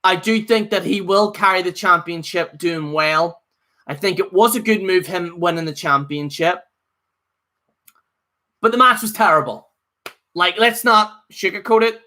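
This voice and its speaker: Guy rambling thru a live review, bright voice, says um a lot, very opinionated. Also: high-pitched, measured pace. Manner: rambling, opinionated, full of fillers and restarts. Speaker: wrestling show reviewer. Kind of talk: casual live video review.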